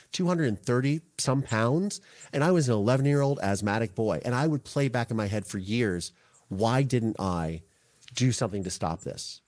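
An earnest man in his forties talks as a podcast guest. His speech is halting, full of restarts and repeated words as he works through heavy thoughts. His voice sits at an ordinary middle pitch. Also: a little mellow. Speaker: interview guest. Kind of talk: emotional podcast interview.

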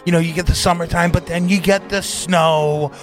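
Guy griping bout stuff, f-bombs everywhere, kinda high voice. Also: fairly even intonation, moderate pace, faint music behind. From New England. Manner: profane, exasperated. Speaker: podcast co-host. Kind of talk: casual comedic chat.

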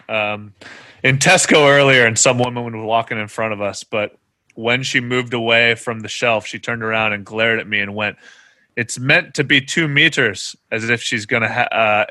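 A man's voice: mid-range voice, fairly even intonation, normal speed, sharp tone, no room sound. A Scottish man in casual chat, reading funny posts aloud in broad dialect, laughing and swearing a lot. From Scotland.

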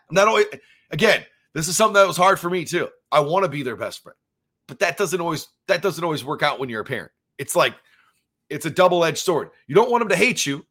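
A man in his thirties hosts a solo podcast with a bright, forceful voice that sits a little high for a man. He rambles casually, piling on fillers as he shares his take as a dad. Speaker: podcast host. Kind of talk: solo reaction commentary.

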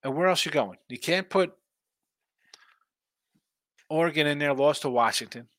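A tired man hosts a live sports betting stream, yawning between picks and rambling along in a casual way. His voice has a bright, forward edge. The mic is close and dry, with no room sound. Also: a little high, moderate pace, dry recording. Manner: rambling, reads viewer chat aloud. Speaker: sports betting show host.

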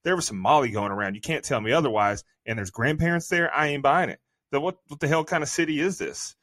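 A man's voice: a little high, fast talker, fairly bright tone, no room sound, studio quality. Man ranting profanely about a film. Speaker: podcast co-host. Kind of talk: casual movie review chat.

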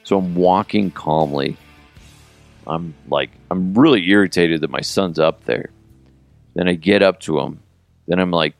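Male podcast host, thirties, deep with vocal fry, dry close sound. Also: expressive, takes it slowly, long pauses, no echo. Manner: rambling, self-mocking, acts out quotes, swears. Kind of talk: casual storytelling podcast.

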